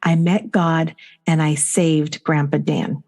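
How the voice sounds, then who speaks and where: A middle-aged woman co-hosting a spiritual chat show, telling stories in a gushing, warm-hearted way. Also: sits low, flat delivery, slow pace. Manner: gushing, storytelling. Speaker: podcast co-host.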